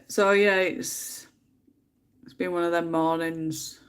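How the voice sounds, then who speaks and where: A woman's voice: fairly low pitch, fairly even intonation, slow pace, pauses often, smooth. An English woman chats easily through a home colouring livestream, laughing often and drifting into mumbles as she hunts for the right shade. She has a bit of a cold. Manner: chatty, laughs often, mutters to herself while picking colours. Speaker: livestream host. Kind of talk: casual livestream chat while colouring.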